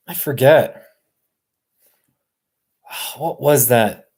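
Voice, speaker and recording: Slow, rambling man chatting with viewers. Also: medium pitch, sing-song, a little mellow. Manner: rambling, answers viewers' comments. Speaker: livestream host. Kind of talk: casual livestream chat.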